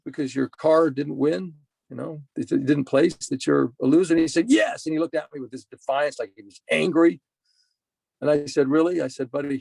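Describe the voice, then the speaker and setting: A man's voice: medium pitch, gravelly, a little mellow, no echo. A middle-aged man giving a motivational talk, telling a personal story and repeating his main points for emphasis. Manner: earnest, repetitive emphasis. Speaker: motivational speaker.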